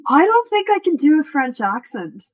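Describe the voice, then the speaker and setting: A woman's voice: high-pitched, sing-song, moderate pace, dry recording. A woman player chatting casually on a role-play stream, self-deprecating and talkative. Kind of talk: casual chat between players.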